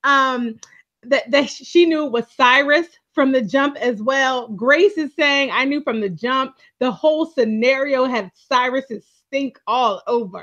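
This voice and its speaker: A woman with a very high voice, co-hosting a casual talk show about a TV drama. She is chatty and quick to laugh, and reads out comments from viewers. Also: a bit bright, lo-fi sound. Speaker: show co-host. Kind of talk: casual TV recap chat.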